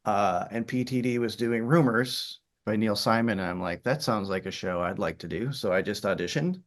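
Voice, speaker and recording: A middle-aged theater director from Michigan's Upper Peninsula, with a faint Yooper accent, tells stories in an interview. His lowish voice moves at a moderate pace, and he's chatty, full of fillers and restarts.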